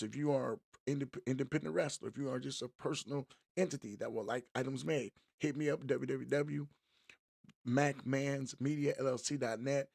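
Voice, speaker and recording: A man's voice: medium pitch, vocal fry, darkish tone, no room sound, clean studio sound. A middle-aged man hosting a live-streamed podcast, opening the show in an upbeat, chatty way and greeting viewers by name. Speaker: podcast host.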